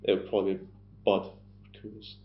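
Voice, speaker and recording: Scottish male co-host, lowish gravelly voice, easygoing banter, dull lo-fi sound. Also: monotone, roomy sound. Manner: laid-back, joking, quick to laugh. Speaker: podcast co-host. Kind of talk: casual film chat. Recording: dull lo-fi podcast audio.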